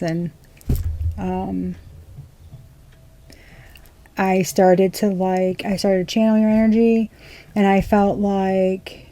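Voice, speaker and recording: A woman's voice: mid-range voice, warm tone. A young woman giving a casual tarot reading, rambling and swearing in amazed disbelief. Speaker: tarot reader.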